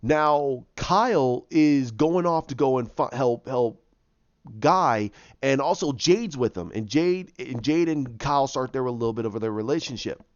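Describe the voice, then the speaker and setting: A man casually retelling his own story idea, rambling and animated as he goes. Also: medium pitch, measured pace, no echo. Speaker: fan pitching a film plot. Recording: dull lo-fi dry mic.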